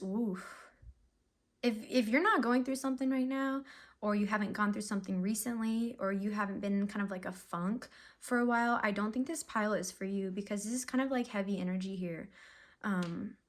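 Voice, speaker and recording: A young woman giving a casual, emotional tarot reading to camera, chatty and full of fillers and sighs. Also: mid-range voice. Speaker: tarot reader.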